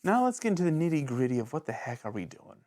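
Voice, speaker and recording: Man, casual show host, jokey, rambling, lively up-and-down pitch. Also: fast talker. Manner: animated and jokey, with sudden pitch jumps; rambling, self-interrupting. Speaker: host of a villain-ranking show. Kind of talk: casual video commentary.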